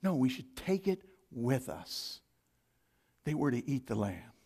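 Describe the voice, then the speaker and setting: A male pastor preaching a sermon, with big swings from loud emphasis to hushed asides. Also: medium pitch, sing-song, measured pace, vocal fry, husky.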